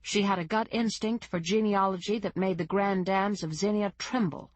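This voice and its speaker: A woman reading a first-person novel aloud as a steady audiobook narrator. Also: medium pitch, normal speed, hardly any pauses, dry recording. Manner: reads in first person, lightly voicing characters. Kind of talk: scripted narration.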